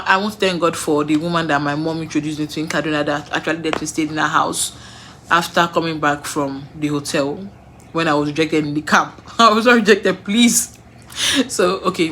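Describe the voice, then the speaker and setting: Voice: medium pitch, bright, forceful tone, slight background noise. A young adult with a Nigerian accent tells personal stories in a casual way, repeating words for emphasis and laughing between sentences. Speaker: vlogger.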